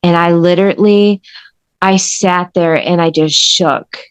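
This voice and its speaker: A woman with a fairly low voice recounts her story to an interviewer with earnest intensity. Her speech is conversational and emphatic. The sound is close and dry, with no room echo. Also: steady tone, measured pace, clean tone. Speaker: podcast guest.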